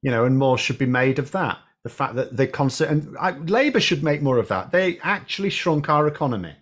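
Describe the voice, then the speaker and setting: A man's voice: mid-range voice, lively intonation, brisk, fairly bright tone. A man co-hosting a casual political chat, explaining his points emphatically and arguing them through. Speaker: podcast co-host, former teacher.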